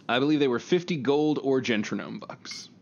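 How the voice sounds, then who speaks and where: A man's voice: mid-range voice, expressive, normal speed, vocal fry, muffled recording, slight background noise. A man running a tabletop game as game master, joking and rambling between rules answers. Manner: joking, rambling, laughs often.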